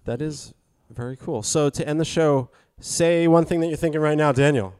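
A man's voice: on the high side, moderate pace, darkish tone, clean tone, no room sound, clean studio sound. A man hosting a casual podcast chat, playful and teasing with his guests. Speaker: host.

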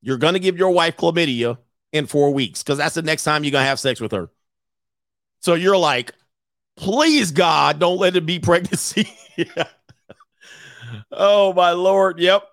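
A man hosting a live stream as a dating coach, ranting comically and acting out both sides of a story in quick voices, laughing often. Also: a little high, a bit bright, no room sound, studio quality. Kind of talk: casual comedic rant.

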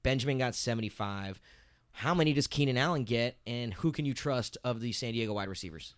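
Podcast guy listing off player stats and rankings, dead dry mic, middle pitch. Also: brisk, no echo. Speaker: podcast co-host. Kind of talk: casual fantasy football chat.

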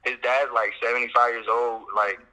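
A man's voice: mid-range voice, little pitch movement, normal speed, bright, forceful tone, poor audio. A man from Chicago, a musician guest, telling a story in a loose, laid-back way with lots of fillers and swearing. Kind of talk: casual storytelling interview.

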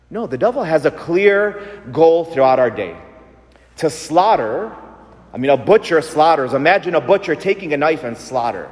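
A man preaching a sermon in a conversational, animated way, asking his listeners questions. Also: a little high, normal speed. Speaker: priest. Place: church. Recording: long church reverb.

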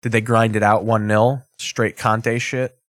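A man's voice: lowish voice, little pitch movement, a little slow, dry recording, clean studio sound. A man hosting a show, chatting casually and sarcastically with frequent swearing while reacting to a live game. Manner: loose, sarcastic, swears often. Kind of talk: casual profane commentary.

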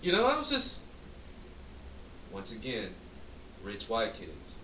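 Man, podcast co-host, lively swooping voice, profane storyteller, echoey room, distant mic, faint hiss. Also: fairly low pitch, takes it slowly. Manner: animated, profane, acts out quoted dialogue. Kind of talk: drunk storytelling chat.

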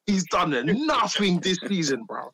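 Animated man in football banter. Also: high voice, measured pace, slight background noise. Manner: animated, teasing, slangy. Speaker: podcast co-host.

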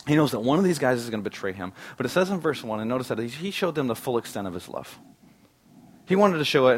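Guy preaching a sermon, earnest, talky, then gets real loud on key points. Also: mid-range voice. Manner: earnest preaching with sudden bursts of emphasis. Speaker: pastor.

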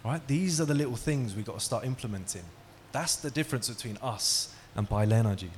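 A man's voice: mid-range voice, a little fast, darkish tone, a little hiss or hum. A man giving an interactive talk, asking the audience questions and telling stories. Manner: engaging, asks the audience questions. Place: hall with an audience.

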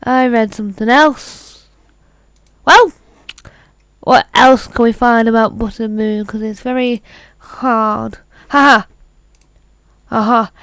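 Brief: British woman vlogger, slightly high voice, reads an article aloud in a relaxed, chatty way. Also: slow pace, long pauses, clear, resonant tone, dry recording. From Britain. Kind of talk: casual chat reading an article aloud.

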